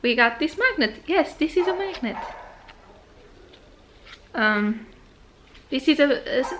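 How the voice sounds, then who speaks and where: A young woman talks casually to her camera in a travel vlog, bubbly and gushing. Her voice sits a little high, and faint noise hums behind her. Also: expressive, takes it slowly, long pauses. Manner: bubbly, gushing over souvenirs. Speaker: vlogger.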